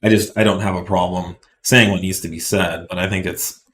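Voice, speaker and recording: A man's voice: deep voice, steady tone, fairly quick, a bit bright, a little hiss or hum. A man hosting a casual live Q&A, talking bluntly and rambling with many fillers and restarts. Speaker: company representative hosting live Q&A.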